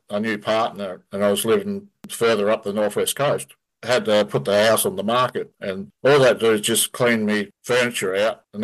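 A man's voice: on the low side, low-quality recording. An Australian man, a guest, telling a story casually and vividly. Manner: vivid storyteller who acts out quotes.

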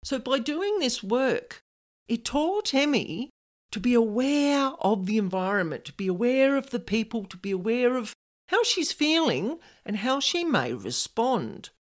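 Woman, fifties, lively rising and falling pitch, earnest, chatty advice talk. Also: measured pace. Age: 50s. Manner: earnest, animated, conversational. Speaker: spiritual advisor. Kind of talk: direct-to-camera advice talk.

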